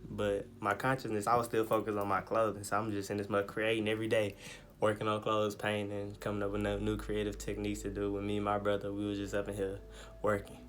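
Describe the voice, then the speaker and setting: A young man in his twenties casually telling a personal story, full of slang and swearing, animated as he retells it. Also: on the low side, fast talker, soft background music. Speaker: vlogger.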